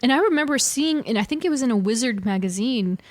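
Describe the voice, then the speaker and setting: A woman in her forties co-hosting a casual podcast chat, telling stories animatedly and correcting herself as she goes. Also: a little high. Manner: animated storyteller, quick self-corrections. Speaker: podcast co-host.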